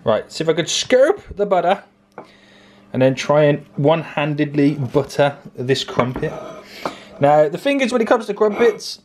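A man's voice: a little high, sing-song, moderate pace, darkish tone, a little hiss or hum. Jokey man narrating a kitchen demo. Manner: jokey, chatty, narrates each step. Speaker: vlogger. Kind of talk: playful cooking demo. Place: home kitchen. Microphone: handheld phone camera.

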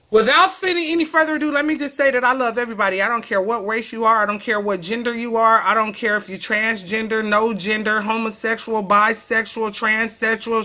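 Woman vlogger, casual comedic explainer; animated and cheeky with a sharp, bright tone. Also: on the high side. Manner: animated, profane, playful banter.

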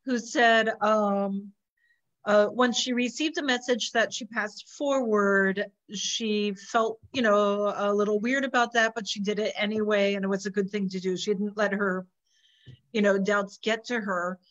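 A woman hosting an interview, speaking very slowly and gently as she passes along a question. Her voice is mid-pitched. The recording sounds dull and lo-fi. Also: steady tone. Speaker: interview host. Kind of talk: casual interview.

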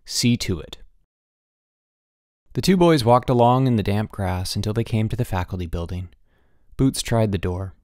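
Lively low-voiced man reading an audiobook. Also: a little fast, no echo, studio quality. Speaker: audiobook narrator. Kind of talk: audiobook narration.

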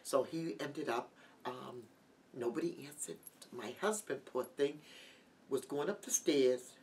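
Middle-aged woman guest, halting heartfelt testimony, mic set back with faint hiss. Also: rumbling low, a little mellow. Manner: halting, heartfelt, with many restarts. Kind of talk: emotional personal testimony. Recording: distant mic with light background noise.

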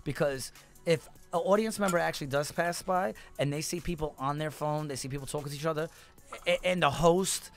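A man, a stand-up comedian, chatting casually on a podcast with emphatic, animated storytelling. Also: fairly high pitch, brisk, soft background music. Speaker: comedian and show host.

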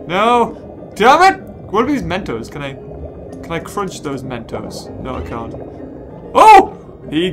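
A gaming host giving excitable let's play commentary, full of squealing exclamations. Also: medium pitch. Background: game music.

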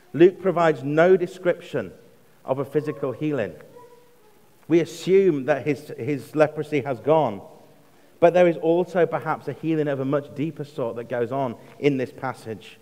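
An English man delivers a sermon in an ordinary mid-pitched voice, measured and deliberate. He slows right down for emphasis and softens to almost a hush when quoting. The long reverb of a church hall trails after every phrase. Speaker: preacher.

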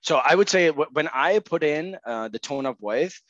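A man's voice: fairly high pitch, expressive, moderate pace, a bit bright, dry recording, muffled recording. A man speaking as an interview guest in casual conversation, hedging with fillers and often asking "right?". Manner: many fillers, frequent "right?" checks. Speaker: guest, marketing tech co-founder.

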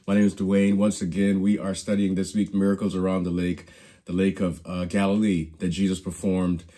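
A man's voice: on the low side, mellow, slightly rough. A man teaching a Bible study lesson in a preacherly storytelling way, often repeating and restarting his phrases. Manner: preacherly storytelling, acts out quoted lines.

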